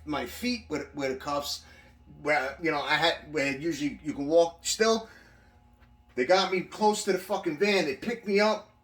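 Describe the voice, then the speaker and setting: A man with a fairly high voice tells rambling, profane stories in a casual way, often restarting his sentences. He sits back from the mic, and his voice echoes around the room. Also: fairly bright tone, distant mic. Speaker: vlogger recounting his prison time. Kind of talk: casual storytelling.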